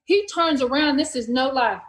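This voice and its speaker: A woman with a high voice hosts a casual podcast conversation. She retells a story with animation, slipping into the lines of the people in it. The room around her is echoey. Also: normal speed, slight background noise. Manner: animated retelling, acts out dialogue in quotes. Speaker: podcast host.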